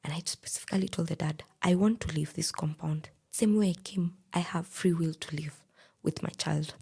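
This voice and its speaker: A young woman with a Kenyan accent tells her own story in an animated way, slipping into the voices of the people involved. Her voice is deeply husky and breathy, with a gravelly edge. It sits low and mellow. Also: moderate pace. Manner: animated, quotes others in dialogue. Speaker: guest telling her story. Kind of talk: personal storytelling.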